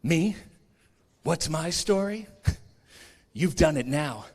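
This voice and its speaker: A man doing a comic impression of a brooding male wrestler, speaking low and slow with mock menace. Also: lively intonation, darkish tone, slight background noise. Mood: mock menacing.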